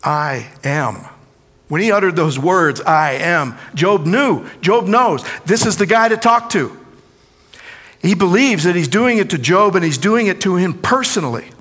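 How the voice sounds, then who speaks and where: Dramatic preacher in a reverberant hall. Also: male voice, sits high, lively intonation, normal speed. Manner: dramatic, swings from loud pleading quotes to hushed asides. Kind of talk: sermon.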